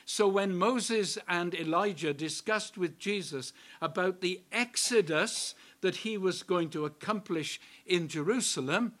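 A man preaching a sermon in a slow, emphatic way, repeating key words for weight. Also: high-pitched, fairly bright tone.

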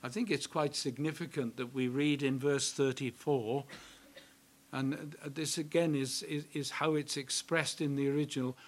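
A man preaching a sermon in a slow, emphatic way, repeating key words for weight. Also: mid-range voice, fairly even intonation.

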